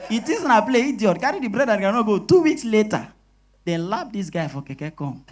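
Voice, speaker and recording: A young Nigerian comedian performs stand-up on a live stage, his delivery animated and full of quick switches into character voices. His voice is bright and ringing and swings widely in pitch. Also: a faint crowd.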